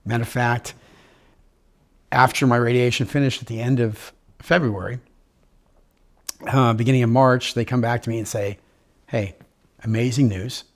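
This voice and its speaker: A man's voice: mid-range voice, steady tone, moderate pace, pauses often. A man telling his own story in an interview, upbeat and joking, acting out what others said to him. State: living with terminal illness. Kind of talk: personal storytelling.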